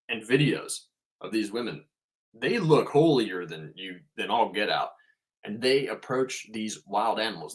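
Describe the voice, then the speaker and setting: A man hosting a podcast, giving a casual spiritual monologue in an emphatic way and swearing freely. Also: lowish voice.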